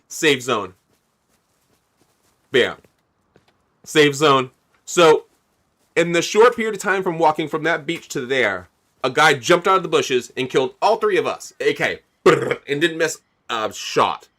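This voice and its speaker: A man's voice: medium pitch, a bit bright. A man livestreaming a game with a mid-range voice talks casually to his chat. He rambles, laughs often and thanks viewers by name as he goes. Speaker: game streamer.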